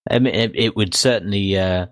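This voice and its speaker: A man co-hosting a podcast, recapping in casual chat, halting with many fillers and laughs. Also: lowish voice, dry recording, clean studio sound. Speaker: podcast co-host.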